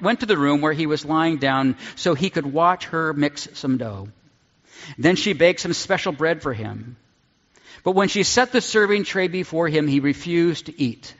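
A man preaching a sermon and reading scripture aloud, earnest and deliberate, dropping low on key words. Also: a bit bright. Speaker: pastor. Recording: dull sound in a large reverberant hall.

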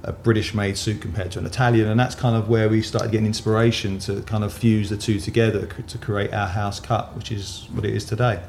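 A man animatedly telling a story about his tailoring business, his low voice full of gravelly fry. A faint hiss sits under the recording. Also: level tone, a little fast, hardly any pauses, darkish tone. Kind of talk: conversational anecdote telling.

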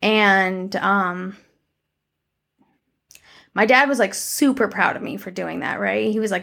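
A young woman talks straight to her viewers in a loose, candid monologue, dotted with "like" and "um" and the occasional curse. Her voice sits at a middle pitch, and a gravelly fry runs through it. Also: slow, pauses often, fairly bright tone. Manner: candid and conversational, with frequent "like" and "um" and some swearing. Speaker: vlogger. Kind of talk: casual personal life-update monologue.

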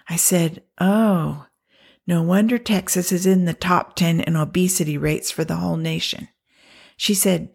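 A woman counselor tells a story about a client in an unhurried storytelling manner. Her voice sits low and has a husky, gravelly texture. She slips into a soft near-whisper when she quotes people. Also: fairly even intonation. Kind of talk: storytelling talk.

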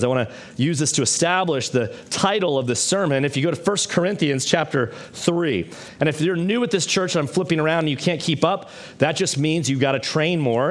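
A man in his twenties or thirties, a pastor, preaching in a church in a conversational, animated way with bits of humor. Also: a little high. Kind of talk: sermon.

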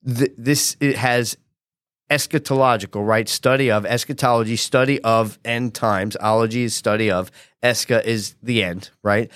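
A male pastor preaching in a relaxed, conversational way, often tossing tag questions to his listeners. His voice sits at an ordinary middle pitch. The sound is close and dry, with no room echo. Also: moderate pace, clear, resonant tone. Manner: animated acted-out quotes. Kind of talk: conversational sermon teaching.

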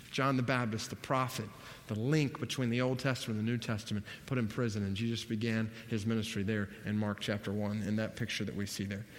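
A man delivers a sermon in a middle register, driving home his points by repeating them and tossing questions to his listeners before answering them himself. His voice carries a long reverb tail, like a large hall. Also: mid-range voice. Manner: emphatic, repeating key phrases. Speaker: preacher. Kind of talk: sermon Bible teaching.

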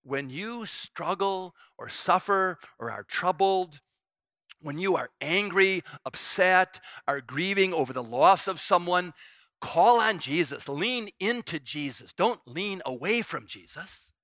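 A man's voice: sits high, animated, takes it slowly, pushed and bright, dry recording. A middle-aged man preaching a sermon as pastor, earnest and repeating phrases for emphasis.

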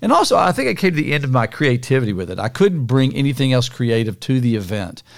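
A man's voice: mid-range voice, big pitch swings, quick pace, creaky. An older man co-hosting a podcast, talking in a folksy, teasing way. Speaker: podcast co-host. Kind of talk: casual podcast chat.

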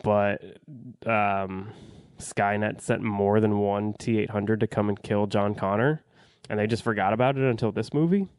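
A man's voice: on the low side, steady tone, normal speed, darkish tone, clear, resonant tone, dry recording, studio quality. A man giving a casual, rambling movie review, blunt and profane, full of fillers and restarts.

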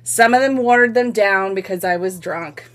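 A woman's voice: medium pitch, moderate pace. A woman co-hosting a casual podcast chat over cocktails, telling family stories chattily and swearing freely, with an occasional New York slip in her accent. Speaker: podcast co-host.

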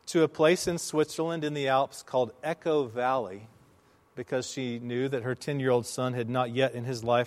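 A man preaching a sermon, telling a story with slow, emphatic phrasing and dramatic pauses. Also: medium pitch. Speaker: pastor.

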